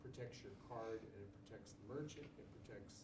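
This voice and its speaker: A man in the audience asking a question, speaking hesitantly and in halting bits. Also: fairly low pitch, creaky, crowd noise. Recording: distant, noisy room mic.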